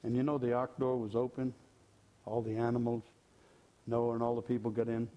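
A man's voice: mid-range voice, monotone, brisk, warm tone, muffled recording. An older man giving an informal, folksy sermon, joking and repeating his phrases. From California. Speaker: lay preacher.

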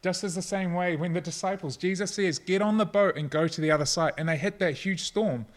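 A middle-aged man preaching a sermon, earnest and personal, at times soft and reflective. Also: high-pitched, brisk. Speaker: pastor.

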